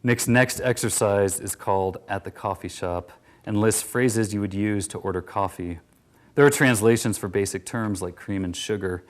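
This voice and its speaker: A man with a fairly low voice reads a first-person story aloud. He keeps a measured pace and lets his sentences fall away softly at their ends. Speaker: narrator. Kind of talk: first-person literary reading.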